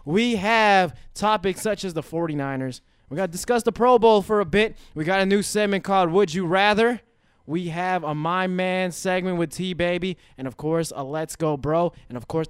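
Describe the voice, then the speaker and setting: A young man hosting a studio talk show, energetic and jokey, sometimes shouting, with faint music behind. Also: sits high, normal speed, smooth, no echo. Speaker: radio show host. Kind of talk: hyped talk show banter. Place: radio studio.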